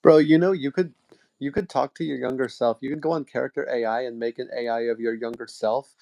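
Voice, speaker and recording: A man's voice: mid-range voice, fairly even intonation, brisk, creaky, warm tone. A young man chatting casually with a friend on a stream, playful and eager, teasing him with jokes and suggestions. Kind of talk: casual chat.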